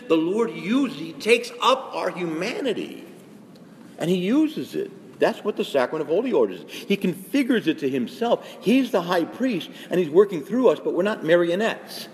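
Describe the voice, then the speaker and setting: A man's voice: sits high, a little hiss or hum. A man, a priest, giving an earnest, emphatic and conversational talk to fellow priests, with many asides. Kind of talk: spoken retreat talk. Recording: echoey hall with faint ambience.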